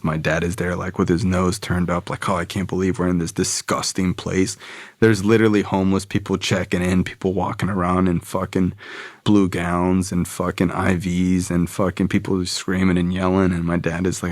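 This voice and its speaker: Low voice guy telling his story, swears a lot, says like constantly, dry mic. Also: a little mellow, no room sound. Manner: casual, profane, full of "like". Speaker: podcast guest. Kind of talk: personal recovery story.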